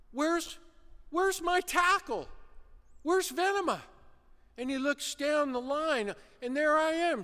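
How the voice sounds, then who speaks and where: High-voiced preacher in a reverberant hall. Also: male voice, smooth. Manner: animated storytelling, acting out a shouting coach. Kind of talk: sermon.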